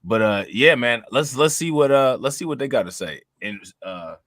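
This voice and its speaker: A man's voice: mid-range voice, lively intonation, normal speed, fairly bright tone, dry recording, clean studio sound. A man hosting a reaction podcast, talking in a laid-back, loose way and laughing often. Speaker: podcast host. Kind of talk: casual reaction chat.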